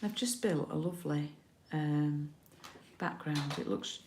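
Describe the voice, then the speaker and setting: Chatty woman with a gravelly voice. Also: sits low, measured pace, a little mellow, roomy sound. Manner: chatty, checks in with viewers often. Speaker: card-making demonstrator. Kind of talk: casual craft tutorial.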